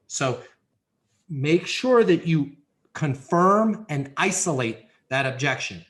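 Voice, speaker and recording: Speaking slowly with lively intonation, a man with a high, fairly bright voice appears as a podcast guest in an interview. He coaches leasing sales steps emphatically and practically, acting out role-plays to illustrate.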